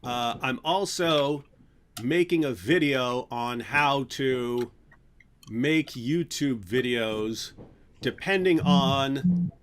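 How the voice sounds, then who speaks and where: A man in an animated, playful livestream chat who keeps restarting his sentences. His voice sits at an ordinary middle pitch. Faint noise hums underneath. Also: drawn-out words. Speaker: channel host.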